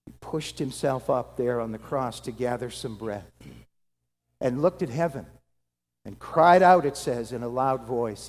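A pastor preaching a dramatic sermon that swings from loud to hushed. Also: male voice, medium pitch, measured pace. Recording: long hall reverb.

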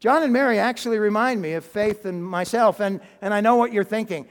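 High-voiced preacher in an echoing church. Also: male voice, brisk, few pauses. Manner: animated storytelling, drops to a near-whisper for emphasis; chuckles and restarts sentences. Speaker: pastor. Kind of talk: sermon. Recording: long hall reverb.

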